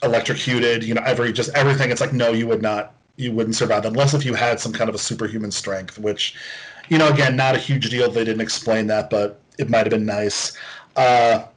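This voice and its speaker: A man in easygoing podcast talk. He circles his point with plenty of fillers and pauses. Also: medium pitch, fairly even intonation, poor audio. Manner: hesitant, many fillers. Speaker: podcast co-host. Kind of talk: casual chat.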